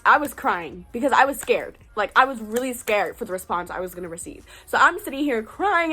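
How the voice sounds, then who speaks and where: A young woman in her late teens telling a personal story in a casual vlog, chatty and animated, full of "like" and quoted dialogue. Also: fairly high pitch, a little fast. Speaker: vlogger.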